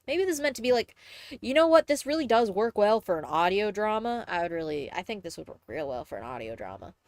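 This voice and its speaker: A woman's voice: medium pitch, very animated, fast, darkish tone, no echo. Rambling Southern-accented woman streamer. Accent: mixed Southern and Midwestern US. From Texas, USA. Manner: rambling, self-correcting, chatty. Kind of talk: casual live-stream chat, reading aloud.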